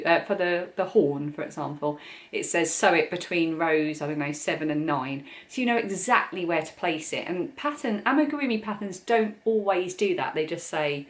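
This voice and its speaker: A woman's voice: fairly low pitch, a bit bright. Chatty English woman in an echoey room. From England. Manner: chatty, gushing over handmade toys. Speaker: podcast host. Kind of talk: casual craft podcast chat.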